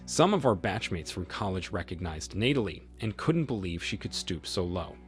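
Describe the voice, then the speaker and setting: A man's voice: low-pitched, big pitch swings, normal speed. A man narrating a first-person story and a short reaction, reading steadily without fillers. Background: faint background music.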